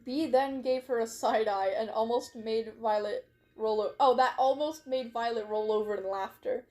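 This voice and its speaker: A woman's voice: fairly high pitch, normal speed, dark tone. A woman reading her own story aloud on a stream, in a casual way, often stumbling and correcting herself with little asides.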